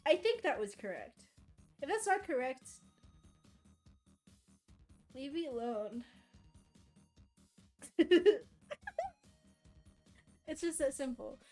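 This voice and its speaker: A woman's voice: high voice, expressive, takes it slowly, long pauses, darkish tone, faint music behind. Rambling, giggly woman streamer. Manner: rambling, self-deprecating, swears and laughs often. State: tired and overheating. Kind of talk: casual live-stream chat.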